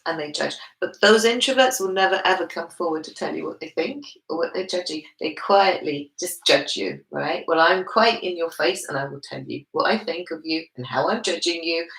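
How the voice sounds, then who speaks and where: A woman's voice: deep voice, creaky, fairly bright tone, reverberant, low-quality recording. A woman with a confident manner, explaining at length in a casual book club chat.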